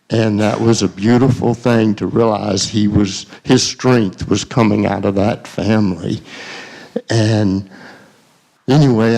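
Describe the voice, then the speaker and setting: A man, a longtime community colleague, giving a measured and earnest memorial tribute. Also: on the low side, gravelly, a little mellow. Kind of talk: memorial speech. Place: community center memorial service.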